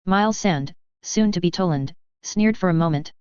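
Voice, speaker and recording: A woman narrating a story in the first person with an even, measured delivery, in a dull, dry lo-fi recording. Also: fairly low pitch, clean tone, no echo. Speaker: audiobook reader.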